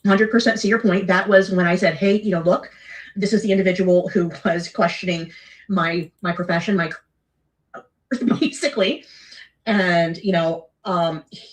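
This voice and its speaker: Woman guest, measured explanatory tone, distant mic sound. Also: lowish voice, fairly even intonation. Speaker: guest caller.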